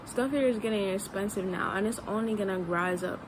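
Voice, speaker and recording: A woman's voice: mid-range voice, a little fast. A woman from the United States vlogging casually and frankly, leaning on "like". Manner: frank, fills with "like". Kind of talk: casual vlog. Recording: street noise with passing traffic.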